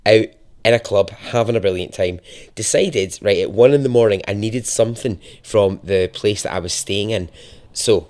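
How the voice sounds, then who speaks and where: A young Scottish man hosting a podcast, telling a true story in a chatty, expressive way that turns hushed and dramatic. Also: lowish voice, moderate pace. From Scotland. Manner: lively, chatty and profane, dropping to a hushed, dramatic tone for dark moments. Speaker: podcast host. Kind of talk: conversational true-story narration.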